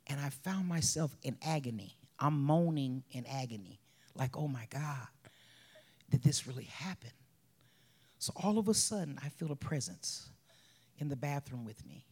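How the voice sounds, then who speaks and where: Woman, bereaved mother, husky voice, emotional personal testimony with soft whispered stretches. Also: sits low, expressive, moderate pace. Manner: emotional, drops to soft whispers, breaks into laughs.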